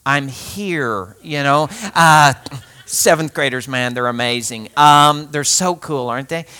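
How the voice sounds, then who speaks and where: Casting: male pastor, conversational sermon, animated storyteller who laughs often and talks directly to the congregation. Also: medium pitch, measured pace, smooth. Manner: conversational, speaks straight to listeners.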